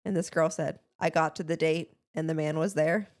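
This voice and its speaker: A young woman co-hosting a podcast in casual chat, reading listener stories aloud in a quick, chatty way. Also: sits low, fairly even intonation, a little mellow, no echo. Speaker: podcast co-host.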